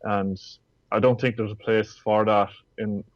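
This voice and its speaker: A man giving steady, measured opinions as a guest on a casual podcast. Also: fairly low pitch, no echo, highs cut off. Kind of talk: casual chat.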